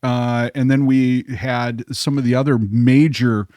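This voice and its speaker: A man's voice: medium pitch, fairly even intonation, a little slow, a little mellow, dry recording, studio quality. A man co-hosting a podcast, reminiscing with enthusiasm. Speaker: podcast host. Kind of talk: casual chat.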